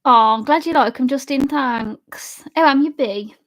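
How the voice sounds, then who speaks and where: A woman's voice: high-pitched, unhurried, a bit bright. A young woman live streamer chatting casually with her chat and laughing often while she drinks. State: drinking alcohol.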